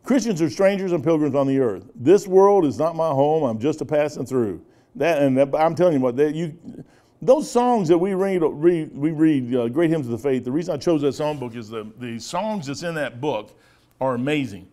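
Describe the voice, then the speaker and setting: Older midwest american pastor preaching, folksy rambling stories, voice a bit high for a guy. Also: lively intonation, normal speed, warm tone. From United States. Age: 60s. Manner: folksy, rambling storytelling with asides. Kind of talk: sermon.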